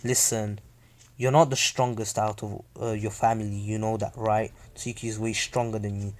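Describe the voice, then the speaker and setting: A man voicing a cocky young male ninja with flat, dismissive retorts, in a casually retold fan story. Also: on the low side, normal speed, pitched below the performer's own voice, lightly acted. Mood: cool, taunting.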